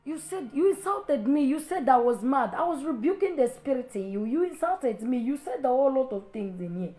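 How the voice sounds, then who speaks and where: A woman's voice: high-pitched, animated, a little fast, hardly any pauses, dark tone. Scolding woman pastor with an African accent. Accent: African English. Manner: confrontational, scolding with rhetorical questions. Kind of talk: preaching to a live stream.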